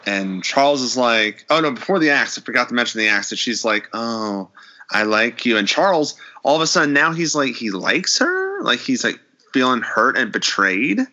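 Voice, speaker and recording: A man retells a horror episode in casual podcast chat, acting out the characters' lines as he goes. His voice is very bright and swings widely in pitch. The recording sounds dull and lo-fi. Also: sing-song, normal speed, few pauses.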